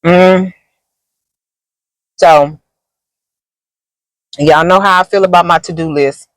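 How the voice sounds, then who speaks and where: A woman's voice: fairly low pitch, fairly even intonation, slow, no room sound, low-quality recording. A woman content creator talking casually in a rambling, chatty vlog from inside a car, eating as she goes. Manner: rambling and chatty, many fillers; talks while eating.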